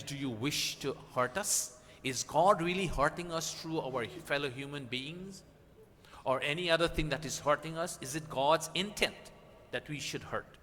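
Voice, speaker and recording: A man's voice: mid-range voice, a bit bright. A man teaching at a satsang, earnestly explaining Sanskrit verses and asking emphatic rising questions. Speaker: spiritual teacher. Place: gathering hall at a weekly satsang. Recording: reverberant hall with faint background noise.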